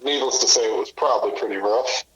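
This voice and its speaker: A man's voice: medium pitch, fast talker, crowd noise. Man, podcast co-host, casual banter, short joking interjections, crude humor, echoey room.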